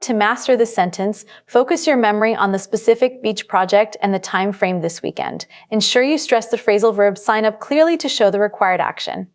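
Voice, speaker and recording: A woman narrating a scripted test-prep lesson as the instructor, in a measured, instructive way. She records as a studio voice-over. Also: mid-range voice.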